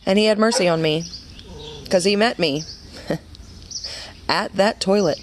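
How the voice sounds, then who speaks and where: A woman's voice: medium pitch, takes it slowly, slight background noise. A woman in her thirties giving a personal faith testimony in an earnest, conversational way, full of fillers and restarts. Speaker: women's ministry speaker.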